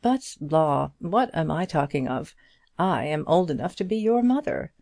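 A woman's voice: low voice, sing-song, measured pace, creaky, darkish tone, no echo, clean studio sound, exaggerated voice. A woman voicing a frank, gossipy older single woman with folksy, blunt talk in an audiobook reading. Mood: frank, knowing. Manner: chatty, blunt, homely turns of phrase.

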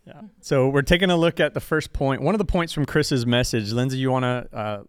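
A man's voice: mid-range voice, brisk, clear, resonant tone, dry recording, clean studio sound. A man co-hosting a church podcast, chatting casually and telling a story with acted-out quotes. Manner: relaxed storyteller, acts out quoted characters. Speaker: pastor and podcast co-host.

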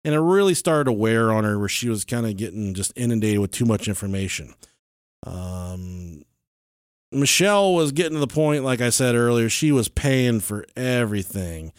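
A man hosting a podcast, telling a true-crime story in casual chat, animated and swearing freely. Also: medium pitch, normal speed, dry recording, studio quality. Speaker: podcast host.

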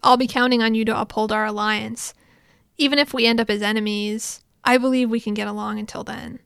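A woman's voice: fairly high pitch, steady tone, a little fast, gravelly, a bit bright, smooth, dry recording, clean studio sound. A woman voicing an earnest, slightly flustered young man hero, read in a recap.

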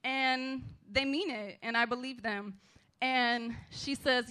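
High, bright-voiced woman telling a story. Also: steady tone, slow pace. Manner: chatty, laughing, many fillers like "like" and "right". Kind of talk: live storytelling performance.

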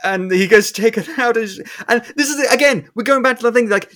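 A young man casually recapping a movie with a co-host, animated and swearing, acting out characters' lines. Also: extremely high pitch, fairly quick, few pauses. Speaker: podcast co-host.

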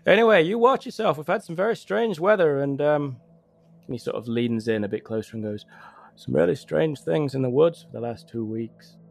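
Playing a chatty country local, a man gives directions in a gossipy ramble, stammering and starting over again and again. He speaks at a normal speed in an animated, creaky voice on the high side.

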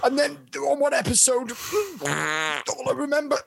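A man's voice: very high voice, big pitch swings, a little slow, vocal fry, a bit bright, no room sound. A man co-hosting a comedy podcast, swearing freely and bursting into theatrical rants. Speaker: podcast co-host. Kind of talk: comedic banter.

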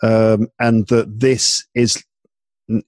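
A tired man from England with an English accent, chatting casually and talking in halting bursts full of restarts and fillers. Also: lowish voice, flat delivery, darkish tone, dry recording, studio quality. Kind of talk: casual chat. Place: home in Paris at night.

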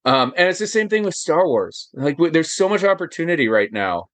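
Animated man with lively swooping pitch. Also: a little fast, no room sound. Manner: animated, emphatic, rhetorical questions. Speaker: podcast guest. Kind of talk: casual chat.

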